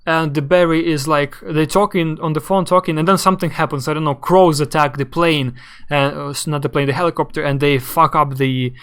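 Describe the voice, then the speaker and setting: Brief: young male streamer, fairly high and smooth voice, rambling and halting. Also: steady tone, fairly bright tone. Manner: rambling, halting, searching for words. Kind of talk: casual live game commentary.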